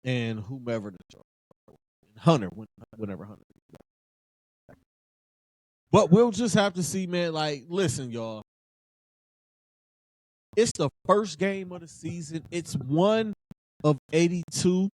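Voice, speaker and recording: Fired-up sports podcast man, high voice. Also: lively intonation, takes it slowly, pauses often, dry recording. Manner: fired-up, emphatic, repeats phrases for effect. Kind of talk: casual sports talk.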